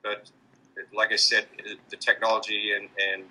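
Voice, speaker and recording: A man's voice: fairly low pitch, completely flat delivery, moderate pace, pushed and bright, husky, poor audio. A man answering interview questions about his street performing, hesitant, with many fillers and restarts. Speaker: street performer in mobster costume.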